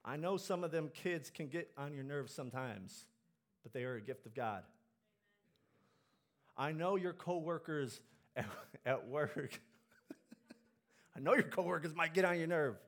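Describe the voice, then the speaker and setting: A male pastor preaching a sermon in church, animated, swinging between loud exhortation and quiet, earnest asides. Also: fairly high pitch, unhurried, pauses often.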